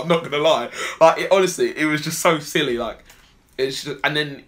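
A man's voice: on the high side, fast talker, fairly bright tone. A man co-hosting a podcast, chatting casually and animatedly about a film, rambling and swearing often. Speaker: podcast co-host. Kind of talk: casual film review chat.

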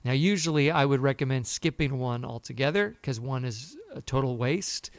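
A man co-hosting a podcast, telling a story in a lively way and acting out the people he quotes. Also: mid-range voice, normal speed, no room sound. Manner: animated storyteller, acts out quotes. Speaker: podcast co-host. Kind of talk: casual chat.

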